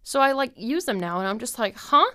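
A woman's voice: fairly high pitch, fast talker, fairly bright tone, clear, resonant tone. A woman in her twenties hosting a podcast, rambling in casual chat with lots of fillers and frequent laughs. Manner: chatty and scattered, heavy with fillers and frequent laughs. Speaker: podcast host.

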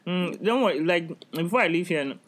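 Young woman, podcast co-host, blunt, foul-mouthed, animated storyteller. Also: on the low side, brisk. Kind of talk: casual chat.

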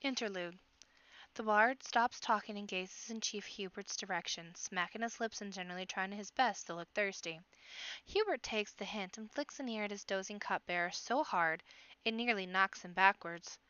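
A woman reading a children's book aloud, lively and expressive. Her voice is smooth and clear, dry and close, with a slightly muffled sound. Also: medium pitch, normal speed, no echo.

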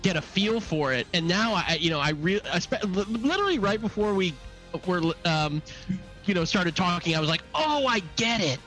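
A man on a podcast talking about an album in a halting way, full of fillers and restarts. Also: high-pitched, expressive, bright, forceful tone, soft background music, poor audio. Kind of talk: casual music discussion.

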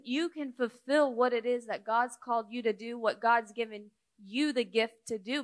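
Brief: young woman preacher, slightly high voice, chatty, storytelling sermon. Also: fairly bright tone. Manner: conversational, storytelling, many fillers.

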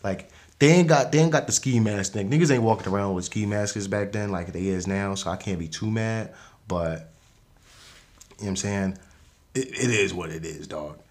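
A man with a lowish voice and moderate pace hosts a podcast, recapping a movie in casual slang. He rambles, restarting often and laughing frequently.

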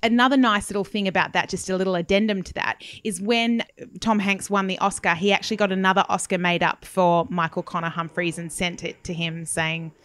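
A woman's voice: medium pitch, steady tone, brisk, fairly bright tone, dry recording. A woman in her forties, a podcast co-host, telling stories in casual chat with lots of asides. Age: 40s. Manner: chatty storytelling with asides.

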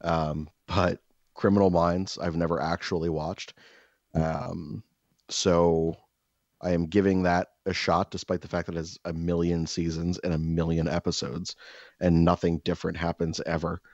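A man co-hosting a podcast, telling stories in a casual, profane, exaggerated ranting way with loud bursts. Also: low-pitched, flat delivery, normal speed, no echo, lo-fi sound. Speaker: podcast co-host. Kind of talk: casual storytelling chat.

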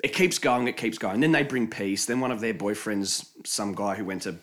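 A man's voice: on the low side, normal speed. A young Australian man telling a story in casual chat, swearing freely and laughing often.

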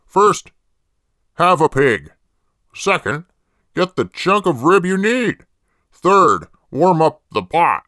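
A man's voice: on the high side, slow pace, pauses often, no echo, clean studio sound, heavily acted. A man playing a creepy profane jailed killer. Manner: deadpan, rambling, creepy, profane. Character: creepy jailed male killer hosting a cheap local ad. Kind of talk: comedy parody ad.

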